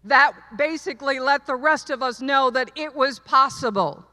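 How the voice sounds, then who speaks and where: A woman's voice: sits high, normal speed, pushed and bright. A middle-aged woman giving a commencement speech, telling her story earnestly and repeating lines for emphasis. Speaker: commencement speaker. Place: large hall, live audience. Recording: long hall reverb.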